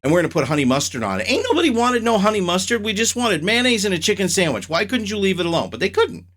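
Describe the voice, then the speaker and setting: A man's voice: high-pitched, quick pace. A man hosting his own show, chatting casually and reacting with strong opinions and rants. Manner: animated, opinionated, ranting. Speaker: host.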